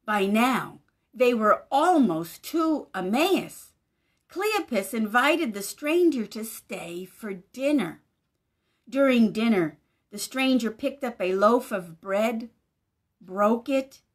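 Woman pastor doing story time for little kids, really slow and high, gentle and sing-songy. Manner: slow, gentle, animated voice for young children. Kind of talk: children's story time reading.

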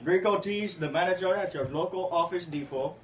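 Young man as a slick, pushy prank-call store manager, somewhat high and off-mic. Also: fairly quick, reverberant, distant mic, slight background noise, natural voice. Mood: deadpan pushy. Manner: deadpan, insistent sales patter.

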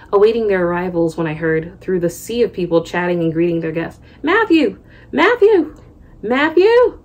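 In a room at home, a young woman with a lowish, slightly mellow voice reads a memoir aloud for her vlog. She keeps pausing between passages for loose, chatty asides.

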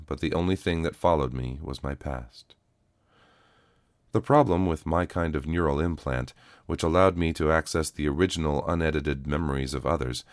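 A man narrating a first-person audio story in a calm, even storytelling manner. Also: very deep voice, no echo, studio quality.

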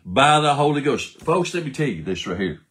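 A man's voice: medium pitch, big pitch swings, normal speed, fairly bright tone. A man preaching a sermon, firing rhetorical questions and answering them himself while quoting scripture.

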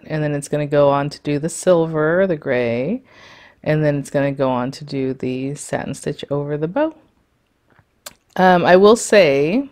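A woman with a notably low voice talks viewers through embroidery software at her computer. She rambles in a friendly, casual way, full of fillers and quick asides. Her pace and tone stay conversational throughout. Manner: chatty and rambling, with many fillers and little laughs. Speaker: sewing and embroidery tutorial host. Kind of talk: casual screen-share tutorial.

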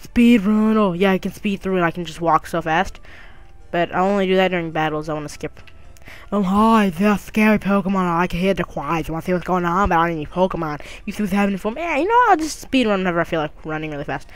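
A woman's voice: fairly low pitch, fast talker. A woman doing casual let's play commentary, joking around in a goofy, crude way. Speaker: gamer.

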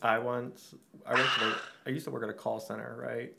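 A male podcast guest sharing stories in a casual, animated way. He voices the people in his stories with sudden jumps in pitch, and his own voice sits in a medium male pitch. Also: brisk, vocal fry, very noisy. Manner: animated anecdote teller, acts out quotes. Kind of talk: casual chat.

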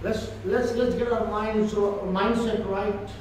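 A man's voice: high voice, fairly even intonation, slow, darkish tone, slight background noise. A man preaching a church sermon with emphatic, repetitive delivery. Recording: echoey church hall from far off.

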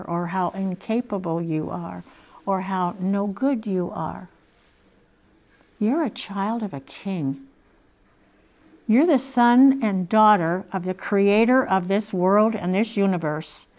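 A woman's voice: mid-range voice, a little mellow. A woman sharing a personal testimony in an earnest, heartfelt storytelling manner. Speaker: speaker sharing her testimony.

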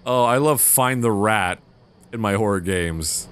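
A man's voice: lowish voice, unhurried, fairly bright tone, a little hiss or hum. A man commenting on a horror video game as he plays, swearing a lot and getting easily flustered. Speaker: gamer. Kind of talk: let's play commentary.

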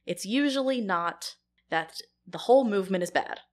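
A woman's voice: mid-range voice, animated, moderate pace. A young woman co-hosting a casual podcast chat, rambling with lots of fillers and frequent laughter. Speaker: podcast co-host.

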